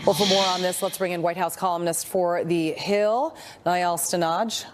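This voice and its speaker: A woman with a lowish voice anchors a cable news broadcast. She is chatty and laughs easily between her questions to guests. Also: steady tone, moderate pace, heavy background noise.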